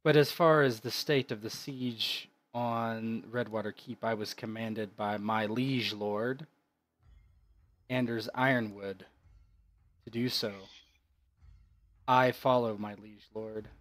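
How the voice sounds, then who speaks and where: A man putting on a stern, proud knight, formal and stiff in his speech. He talks at a slow, steady pace, in a fairly low voice. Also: no echo. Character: stern proud male knight, middle-aged father.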